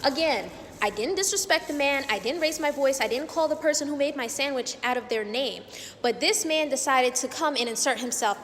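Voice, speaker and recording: A woman's voice: sits high, a little fast, a bit bright, big-room sound, a little hiss or hum. A young adult woman giving an indignant, emphatic vlog rant to camera, hammering her points with repetition. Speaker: vlogger.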